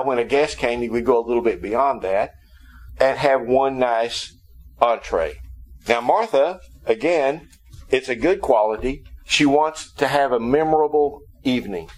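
Man preaching a lively, humorous sermon. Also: medium pitch, rough recording. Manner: humorous storytelling, explaining scripture.

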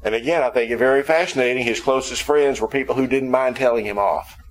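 A man's voice: medium pitch, fast, a little hiss or hum, rough recording. A man preaching in an ordinary mid-range voice. He tells the story with humor and stops often to explain the scripture to his listeners. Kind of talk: sermon.

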